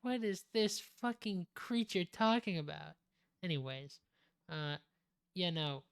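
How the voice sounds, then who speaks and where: A man's voice: sits high, animated, a little slow, vocal fry, smooth. A man acting as game master, narrating scenes in a loose, rambling way and swearing casually.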